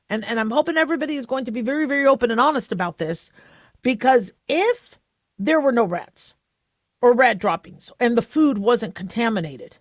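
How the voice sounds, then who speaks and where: A woman's voice: fairly high pitch, dry recording, clean studio sound. A woman hosting a talk radio show, explaining medical news in a chatty way with many fillers and restarts.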